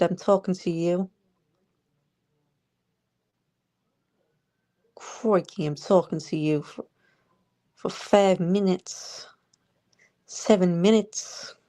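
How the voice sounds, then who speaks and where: A woman's voice: medium pitch, mellow, close to an everyday voice. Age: adult. Sex: woman. Figure: a jeering, sarcastic mock Australian woman in a political rant vlog. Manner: mocking, exaggerated slang.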